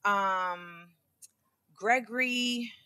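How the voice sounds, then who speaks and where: Bright-voiced, animated woman comedian. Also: mid-range voice, drawn-out words, smooth. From United States. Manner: animated storyteller, many fillers. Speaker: guest comedian. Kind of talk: casual conversational interview.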